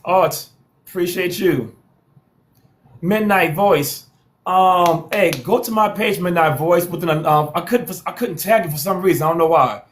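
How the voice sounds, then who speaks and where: A man's voice: high voice, a little slow. A man hosting a live social stream, hyping viewers with repeated calls to follow and share and playful trash talk.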